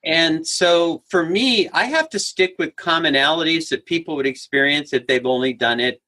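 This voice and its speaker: A man's voice: a little high, moderate pace, bright, forceful tone. A man telling humorous stories as a guest speaker, acting out the people in them and laughing as he talks. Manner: acts out characters in stories, laughs while talking. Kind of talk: animated storytelling conversation.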